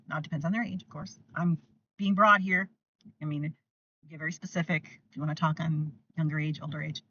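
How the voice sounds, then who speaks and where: A woman's voice: deep voice, steady tone, fairly quick, far from the mic, muffled recording, a little hiss or hum. Older woman giving blunt parenting advice. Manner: emphatic and repetitive, acts out gentle scripts for toddlers. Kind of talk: direct-to-camera parenting advice.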